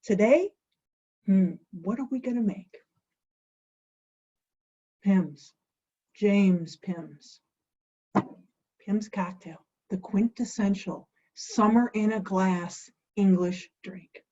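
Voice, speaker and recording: A woman's voice: medium pitch, slow pace, pauses often, mellow, slightly rough, highs cut off. A woman hosting a home cocktail vlog, chatty and playful, asking and answering her own questions. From United States. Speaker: host of a home cocktail show.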